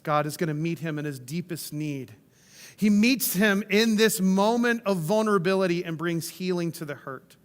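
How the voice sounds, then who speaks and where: A man's voice: sits high, in a large hall. A man preaching a sermon in a conversational way, often checking in with the listeners. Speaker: pastor.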